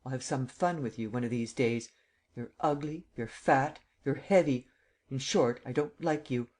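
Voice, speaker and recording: A cocky, mocking gentleman thief, voiced by a male reader in a storybook. He teases in a lively, upward-bouncing voice and flares into loud shouting when crossed. The reader's voice sits at a middling pitch underneath. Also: normal speed, lightly acted. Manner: teasing, lively, rising to shouts.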